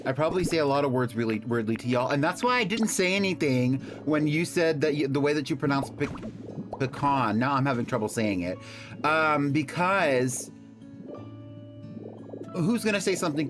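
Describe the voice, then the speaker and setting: A man's voice: fairly high pitch, expressive, normal speed. Man rambling playfully over background music. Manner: rambling, playful, chats with viewers. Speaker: live streamer. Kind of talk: casual live-stream chat.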